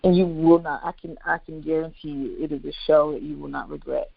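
A woman's voice: low-pitched, steady tone, a little fast, creaky, no room sound. A woman guest promoting a stage musical, enthusiastic and full of fillers. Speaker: theater guest. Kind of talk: promotional interview. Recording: dry, dull lo-fi sound.

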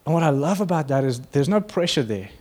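A man's voice: a little high, sing-song, fast talker, darkish tone. A man preaching a sermon to his church in an earnest, conversational way, acting out quotes as he goes. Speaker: pastor.

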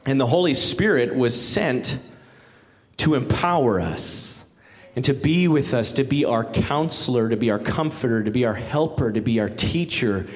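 A man's voice: mid-range voice, expressive, normal speed. A male pastor giving a sermon in a folksy, conversational way with joking asides. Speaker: guest pastor. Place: church sanctuary.

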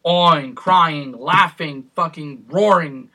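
A man's voice: fairly high pitch, takes it slowly. A young man in casual chat, telling stories with a lot of swearing and acted-out quotes. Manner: profane, animated storytelling with acted-out quotes.

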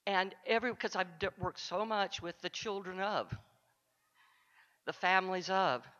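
Accepting an award, this counselor speaks a little slowly in a mid-range, slightly bright voice, addressing the audience with heartfelt words. The recording in the big echoing conference luncheon hall sounds dull.

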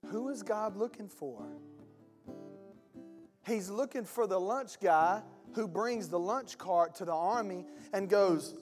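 A man's voice: high voice, lively intonation, unhurried. A man preaching a sermon as pastor, in a passionate, colloquial style in a church hall. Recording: long hall reverb with faint guitar.

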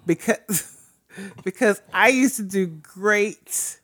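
A woman guest on a casual podcast, telling stories in an animated, playful way. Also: mid-range voice, takes it slowly, soft background music. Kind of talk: casual chat.

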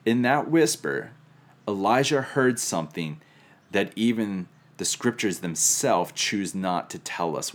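A man preaching a sermon, teaching reflectively with touches of humor. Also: low-pitched. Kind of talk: sermon on scripture.

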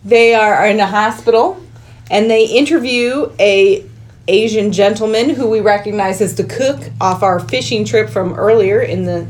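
A woman's voice: medium pitch, moderate pace, a little mellow, slight background noise. An American woman co-hosting a podcast, recapping a film in rambling casual chat and laughing often. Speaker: podcast co-host.

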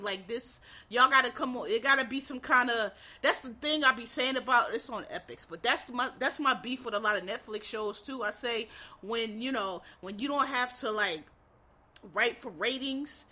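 A woman's voice: fairly high pitch, sharp tone. A woman in casual chat about TV shows, rambling and profane, breaking into exasperated rants.

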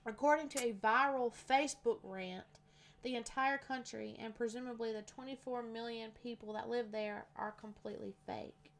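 A woman's voice: fairly high pitch, fairly even intonation, moderate pace, gravelly, slight background noise. A woman in her twenties chatting casually, reading bits from a website with giggly, wry asides. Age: 20s.

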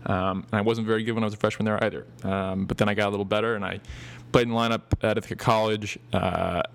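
A young man in his twenties talks on his own podcast in a casual, rambling way, full of ums and restarted phrases. His voice sits a little low. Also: fairly even intonation, fast talker, gravelly. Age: 20s. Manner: loose and rambling, many fillers and restarts. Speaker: podcast host. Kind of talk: casual solo podcast talk.

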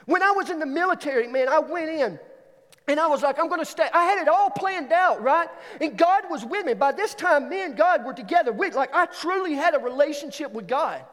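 High-voiced man preaching in a hall. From Alabama. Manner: animated storytelling, swings into excited higher voice. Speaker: student pastor. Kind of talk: sermon. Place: church auditorium.

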